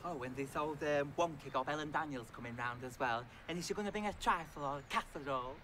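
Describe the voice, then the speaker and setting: A man with a Yorkshire accent narrating a comic travel show and playing sketches, brash and boastful in a deadpan way. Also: on the high side, quick pace, a little hiss or hum. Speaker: comic presenter.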